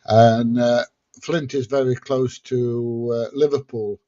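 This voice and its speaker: A man's voice: mid-range voice, little pitch movement, takes it slowly, warm tone, muffled recording. A man hosting a casual livestream, reading out viewer questions and answering them plainly. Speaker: livestream host answering chat. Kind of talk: casual chat.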